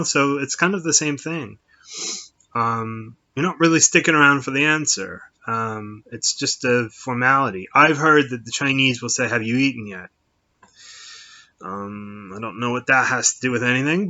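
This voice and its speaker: Middle-aged male host, very bright tone, rambling casual chat, dull lo-fi recording. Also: medium pitch. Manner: rambling, with many fillers and restarts. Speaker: podcast host. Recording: dull lo-fi sound.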